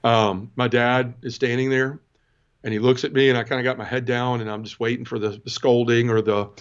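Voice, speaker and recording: A man's voice: medium pitch, level tone, a little fast, clean tone. Earnest man telling his story, dull sound. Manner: earnest, conversational, addresses the host often. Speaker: podcast guest. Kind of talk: personal testimony storytelling.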